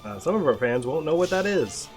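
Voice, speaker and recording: A man playing a video game and explaining it dryly, often trailing off into a quiet mumble. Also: on the high side, very animated, a little fast, soft background music. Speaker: player and co-host of a gameplay video. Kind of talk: casual gameplay commentary.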